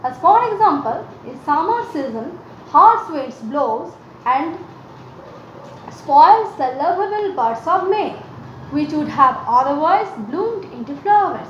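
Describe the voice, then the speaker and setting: A woman teaching, explaining a sonnet's rhyme and meter line by line in a slow, careful way. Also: high-pitched, animated, reverberant, dull audio, a little hiss or hum.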